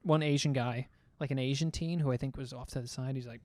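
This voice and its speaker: A young man and comedian telling a story in casual podcast chat, animated and rambling, and often acting out quotes. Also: medium pitch, quick pace, a little hiss or hum.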